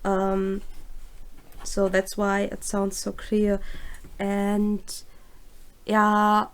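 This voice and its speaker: A German woman talks slowly and haltingly in English, pausing with fillers as she looks for the right word. Her accent is plain, her pitch is mid-range, and she sits close to a clean studio microphone. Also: completely flat delivery, smooth. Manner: hesitant, searching for words. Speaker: livestream host, illustrator. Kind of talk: casual livestream chat.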